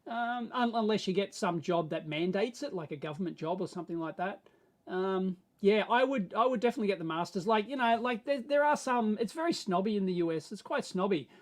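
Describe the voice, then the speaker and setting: Australian man, live-stream host, casual chat, rambling, animated. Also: sits high, brisk. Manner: rambling and animated, swinging from mumbled asides to excited bursts. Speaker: livestream host answering viewer questions.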